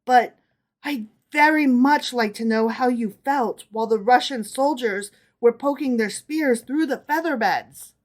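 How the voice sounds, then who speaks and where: A woman's voice: on the high side, a little slow, lightly acted. A woman reading aloud and voicing a poor, humble little male tailor who asks politely and deferentially.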